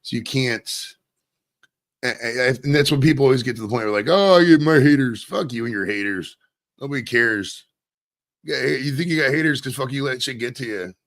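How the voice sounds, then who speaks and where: A man from Maine hosts his own stream at a moderate pace, his medium-pitched voice a bit bright. He rambles loosely and conversationally, swearing a lot as he chats solo.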